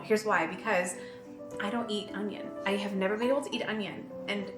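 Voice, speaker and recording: Gushing woman vlogging, echoey room. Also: mid-range voice. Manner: gushing, excitable, quick bursts of delight. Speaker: lifestyle vlogger. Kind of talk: casual vlog chat. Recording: echoey room with background music.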